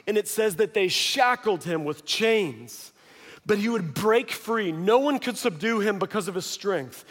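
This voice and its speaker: A man preaching a sermon, telling a story with acted-out voices, swinging from hushed lines to shouts. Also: sits high, animated, unhurried. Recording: long hall reverb.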